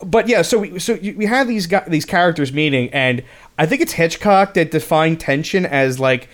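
A man's voice: a little high, moderate pace. A man co-hosting a casual film podcast, rambling with many restarts and retelling what others said. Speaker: podcast co-host. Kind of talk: casual film commentary chat.

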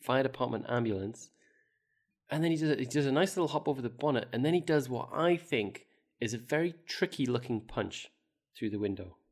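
A man's voice: medium pitch, animated, brisk. A man in casual group chat who asks questions and repeats himself when he is confused.

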